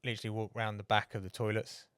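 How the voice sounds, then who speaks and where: A man's voice: lowish voice, flat delivery, fast, a bit bright, smooth, no echo, studio quality. A man, co-hosting a motorsport podcast in casual chat, telling rambling anecdotes and swearing freely. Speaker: podcast co-host.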